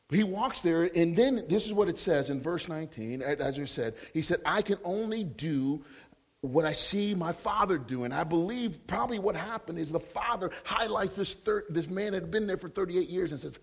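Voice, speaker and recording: A man preaching as a guest speaker in a church, laughing often and repeating words when excited. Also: a little high, gravelly, slightly rough. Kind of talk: sermon with prophetic words. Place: church hall.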